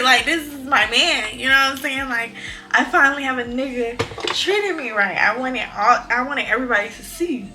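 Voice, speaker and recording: A young woman tells a story to her viewers in a bright, forceful voice that sits a little high. She talks in a lively, profane, exclamatory way. Faint music plays behind her. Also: moderate pace. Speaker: vlogger. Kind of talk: casual storytime.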